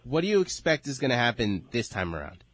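A man's voice: medium pitch, very animated, fast, husky, no room sound. A male radio host asking questions and bantering playfully in a sports talk show.

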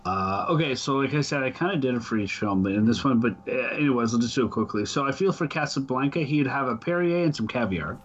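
A man's voice: mid-range voice, lively intonation, fast, hardly any pauses, highs cut off. A man co-hosting a podcast in a laid-back, hesitant way. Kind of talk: casual chat.

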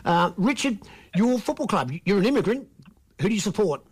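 Australian man, radio host, light higher voice, chatty, jokey, stumbles over words, studio mic. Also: big pitch swings, brisk, slightly rough. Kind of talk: casual radio chat.

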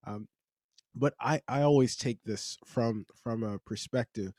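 A man with a mellow, warm voice hosts a casual podcast chat, rambling along and restarting his sentences. His voice sounds dry and close, with no room around it. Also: mid-range voice, measured pace, no room sound. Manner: conversational, rambling, frequent restarts. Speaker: podcast host.

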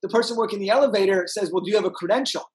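A young man, a podcast guest, telling an energetic story and acting out the people in it. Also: high-pitched, very fast, rough recording. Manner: animated, acts out voices in his anecdotes.

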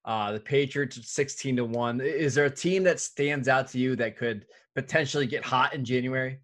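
A man co-hosting a sports podcast, asking questions and giving his views in a steady, casual way. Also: medium pitch, moderate pace. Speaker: podcast co-host.

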